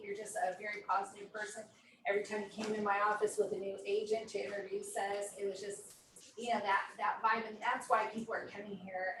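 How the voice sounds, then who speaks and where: A woman's voice: medium pitch, a little hiss or hum. Chatty woman in an echoey meeting room. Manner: chatty, friendly, repeats points to explain. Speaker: office staff giving a team announcement. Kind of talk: workplace meeting talk. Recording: echoey room, far from mic, faint ambience.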